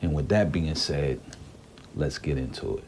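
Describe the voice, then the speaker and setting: A man's voice: a bass voice, a little slow, over loud music. A male pastor opening a podcast with short emphatic declarations. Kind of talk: preaching intro.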